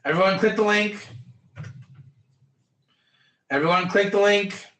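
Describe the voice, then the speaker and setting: Animated rabbi with a high bright voice. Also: male voice, a little slow, reverberant, rough recording. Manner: animated, acts out little scenes, asks students to type answers. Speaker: rabbi teaching an online class. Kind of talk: lively online Torah class.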